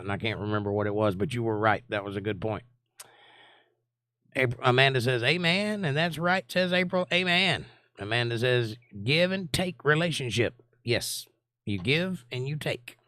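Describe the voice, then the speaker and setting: A man with a medium-pitched, fairly bright voice hosts a live online Bible study, recorded in studio quality with no echo. As the Bible study teacher and livestream host, he casually reads viewer comments aloud, greeting people by name and answering them.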